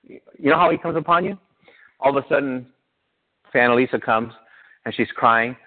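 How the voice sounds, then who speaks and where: A man's voice: mid-range voice, moderate pace. A male pastor, preaching to his congregation in a conversational way and throwing questions at them. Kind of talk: sermon. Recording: tinny phone-like sound.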